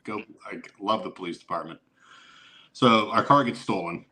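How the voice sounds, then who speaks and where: Profane, lively middle-aged storyteller. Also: male voice, fairly low pitch, normal speed, slight background noise. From Youngstown area, Ohio, USA. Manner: animated storyteller who swears and acts out quotes. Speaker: podcast guest. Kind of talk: casual podcast chat.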